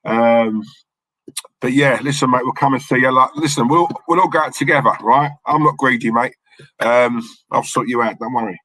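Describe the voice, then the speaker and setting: A man's voice: mid-range voice, moderate pace, bright, forceful tone, no room sound, poor audio. A young man with a London-Essex accent, chatting casually on a livestream and reading out the chat in a laddish, jokey way. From London area, England. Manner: laddish, jokey, says mate a lot.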